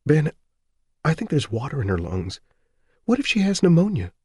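A frightened young mother on a hall phone, wary and tired, as a male narrator puts her on. The voice is lifted gently above his deep natural register and stays soft and worried. It is read close and dry, like a storybook reading. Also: wildly swooping pitch, moderate pace, husky, exaggerated voice. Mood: anxious. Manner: wary, anxious, pleading.

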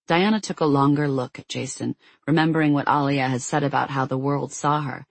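An audiobook narrator reading fiction in a measured, even storytelling manner with a husky voice. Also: mid-range voice, no echo. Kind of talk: scripted narration.

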